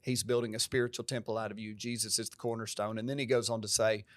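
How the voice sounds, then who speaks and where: Earnest pastor with country twang. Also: male voice, fairly low pitch, level tone, quick pace, no room sound. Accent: American country twang. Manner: earnest, emphatic, preacher-like. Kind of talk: podcast conversation.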